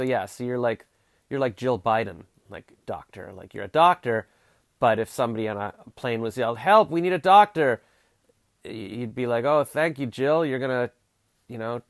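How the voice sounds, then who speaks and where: Canadian guy, 40s, livestream chat; lowish voice, very dry close sound, wry rambler. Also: no room sound. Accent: Canadian English. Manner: rambling, many fillers and restarts, wry sarcastic asides. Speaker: vlogger answering live chat.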